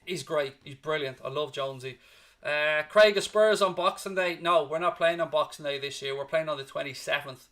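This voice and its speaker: A man's voice: fairly high pitch, normal speed, fairly bright tone. A male fan channel host on a live post-match stream, reading out chat comments in an emotional, blunt way that wanders onto tangents, and exhausted.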